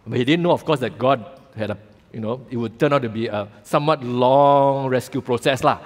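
A man with a Malaysian English accent preaching a sermon as pastor, telling the story with animated acted-out voices. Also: medium pitch, moderate pace. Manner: animated storytelling, acting out voices in quoted lines. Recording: long reverb of a church hall.

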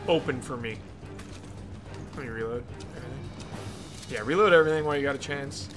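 A man co-hosting a game playthrough, chatting casually, excitable and quick to laugh. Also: mid-range voice. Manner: excitable, laughs often, talks up the hype. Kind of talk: casual gaming commentary. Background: game music.

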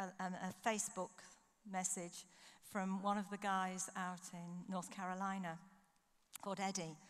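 A woman speaker at a conference, preaching through an animated personal story and acting out her own thoughts. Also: medium pitch. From United Kingdom. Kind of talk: sermon with storytelling. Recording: long hall reverb.

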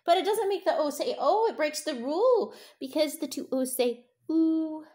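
A young woman teaching a toddler phonics at home, sounding out letters slowly in a sing-song, encouraging way. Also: high voice, animated, mellow. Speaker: parent teaching a child to read.

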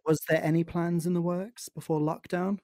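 A man's voice: fairly high pitch, little pitch movement, normal speed, a little mellow, no room sound, clean studio sound. A man hosting a podcast, chatting casually with a playful, teasing manner. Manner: playful, teasing, camp banter. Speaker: podcast host. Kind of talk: casual interview chat.

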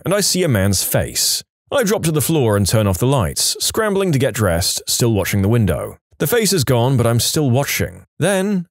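Animated male storyteller, dry sound. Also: no echo. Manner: animated storytelling with lively pitch swings. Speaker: narrator. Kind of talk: scripted story narration.

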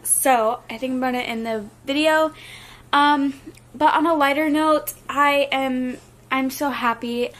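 A woman's voice: high-pitched, steady tone, a little slow, a bit bright. A young woman chatting casually to her viewers in a vlog, nauseous and worn down, filling her talk with "like". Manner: chatty, many "like" fillers. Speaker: vlogger. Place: at home with a baby.

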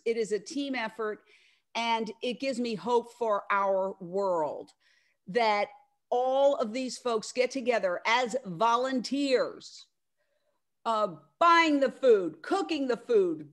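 Middle-aged woman, a touch high-pitched, emphatic and loud, rallying on a video call. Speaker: media network founder speaking at an online event. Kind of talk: casual speech on a video call.

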